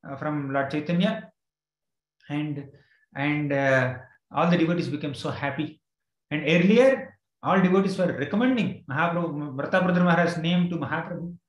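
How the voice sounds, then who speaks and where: A man's voice: fairly high pitch, echoey room, low-quality recording. A man giving a scripture class, retelling a story with quoted verses and frequent fillers. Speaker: spiritual teacher.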